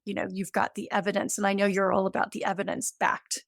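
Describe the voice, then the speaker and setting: A woman's voice: mid-range voice, little pitch movement, fast talker, gravelly, no echo, studio quality. A woman in her fifties, a guest in an interview, explaining science with enthusiasm, checking in with "right?" and using everyday comparisons. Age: 50s.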